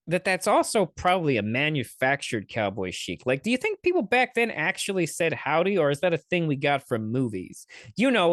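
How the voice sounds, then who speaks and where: A man's voice: fairly high pitch, a bit bright, no room sound, clean studio sound. A man hosting a podcast, giving sarcastic, swear-filled commentary on clips he plays. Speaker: podcast host. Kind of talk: casual commentary reacting to clips.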